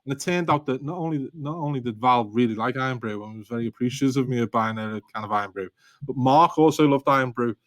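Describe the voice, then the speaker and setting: A man's voice: mid-range voice, quick pace, fairly bright tone, dry recording. A man with a Liverpool Scouse accent, a guest on a podcast, telling stories in a rambling, self-deprecating way and laughing often. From Liverpool, England. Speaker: guest author. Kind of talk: casual storytelling in a podcast interview.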